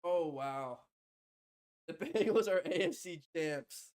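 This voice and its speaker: A man doing live fan play-by-play on a stream. He swings from loud, shouted excitement to soft, stunned murmuring, with frequent laughter. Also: a little high, slow pace. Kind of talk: live fan reaction commentary.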